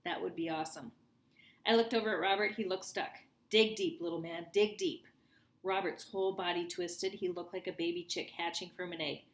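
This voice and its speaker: A woman reading a children's book aloud in a lively storytelling manner for young listeners. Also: fairly low pitch, a little fast. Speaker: reader. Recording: roomy echo.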